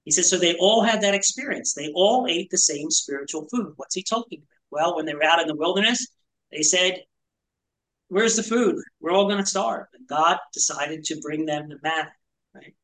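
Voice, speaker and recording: A man leads a small-group Bible study, explaining things conversationally and posing rhetorical questions. His voice is a little high and a little fast with a sharp tone, and the recording quality is low.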